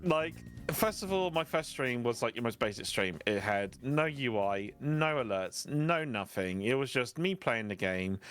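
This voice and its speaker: Guest spot: British man, middle pitch, chatty storyteller, quick to laugh, faint music behind. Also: lively intonation, fairly bright tone, clear, resonant tone. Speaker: streamer guest. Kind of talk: casual interview chat.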